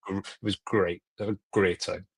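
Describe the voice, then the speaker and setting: Man on a podcast panel, low voice, rambling, self-mocking, casual chat. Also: little pitch movement, moderate pace, vocal fry, husky, no echo.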